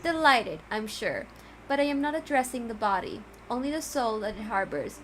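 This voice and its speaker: A woman's voice: fairly high pitch, lively intonation, normal speed, a little hiss or hum, lightly acted, poor audio. A woman reading the lines of a pompous, verbose male cat with formal, flowery speech, in a game. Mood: grandiloquent.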